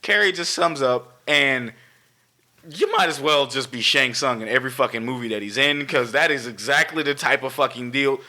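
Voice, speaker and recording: Animated, bright-voiced man swearing freely. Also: mid-range voice, normal speed. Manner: animated, heavy swearing, acts out scenes. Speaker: podcast co-host. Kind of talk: casual chat.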